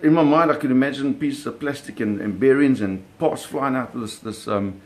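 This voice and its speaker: A man telling a personal story in an animated, vivid way, often restarting his phrases. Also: medium pitch, a little fast.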